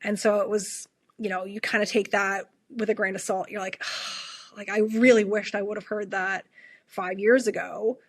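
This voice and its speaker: Husky-voiced woman, earnest storyteller. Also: mid-range voice, fairly even intonation, moderate pace, no room sound. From Canada. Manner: earnest, frequent self-restarts, repeats her questions. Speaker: guest, ER nurse. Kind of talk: personal storytelling in a podcast interview.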